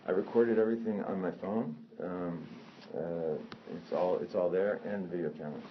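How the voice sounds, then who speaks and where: A man telling a personal story in a casual, animated way, swearing often and correcting himself as he goes. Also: sits low, moderate pace. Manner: animated, profane, rambling with self-corrections. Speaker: storyteller recounting a personal incident. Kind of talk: casual spoken anecdote. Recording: dull lo-fi sound with faint noise.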